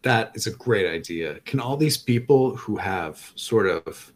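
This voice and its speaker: A man's voice: fairly low pitch, animated, a little slow. A man hosting a comedy podcast, talking in casual chat with a hesitant, rambling delivery. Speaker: podcast host.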